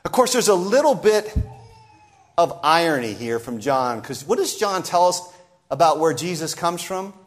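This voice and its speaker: A man preaching a sermon, talking straight to his listeners and acting out the voices in the story he tells. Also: normal speed. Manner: animated, sweeping pitch and loudness, acts out quoted voices.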